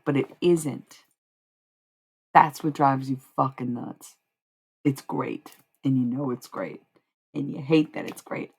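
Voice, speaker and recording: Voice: mid-range voice, creaky, husky. A tarot streamer talking casually on a live stream, profane, confrontational and rambling.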